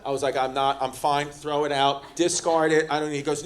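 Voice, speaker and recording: A stand-up comedian with a New York accent performs brash, profane material and crowd work on a club stage, acting out the characters in his stories. His voice is a little high and level in tone, and he talks fast with few pauses. The live club recording includes audience laughter.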